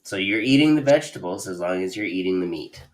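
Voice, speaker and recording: A man from Canada telling a short story on a live-stream chat, dry and deliberate. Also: deep voice, animated, rough recording. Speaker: hypnotist co-host.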